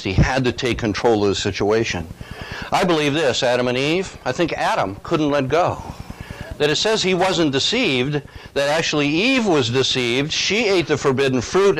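A man's voice: medium pitch, a little hiss or hum, poor audio. An older male preacher with a mid-range voice, speaking earnestly and conversationally to his congregation. He leans on rhetorical questions and plain, personal talk. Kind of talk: sermon.

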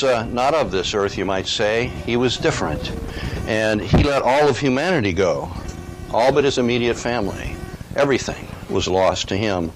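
A man's voice: on the low side, noisy background. Earnest older male preacher. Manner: conversational, earnest, with rhetorical questions. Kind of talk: sermon.

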